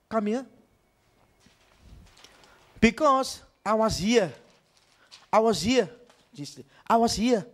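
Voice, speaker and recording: Guy pastor preaching, voice real high and swooping, keeps asking are you with me. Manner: animated, repetitive preaching, checks in with the congregation. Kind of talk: sermon.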